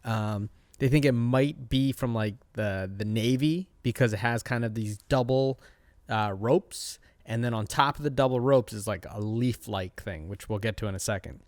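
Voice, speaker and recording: A man's voice: medium pitch, normal speed, a little mellow, dry recording. A man hosting a casual show recap, talking in a chatty, rambling way with many fillers. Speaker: host.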